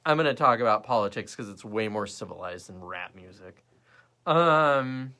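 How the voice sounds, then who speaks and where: A man's voice: fairly low pitch, expressive, moderate pace, bright, forceful tone. A young man hosting his own show, ranting sarcastically about politics and the news in a casual way. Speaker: host.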